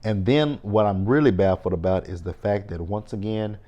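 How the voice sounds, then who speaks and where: A man giving a casual TV episode recap, animated and profane, quick to mock with exaggerated reactions. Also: lowish voice, dull audio. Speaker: TV recap host.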